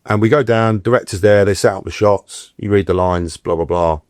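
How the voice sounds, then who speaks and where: On the low side and at a moderate pace, the voice comes from a middle-aged actor guest telling stories in a casual interview. He's animated, acting out quoted voices, in a dry, studio-quality recording.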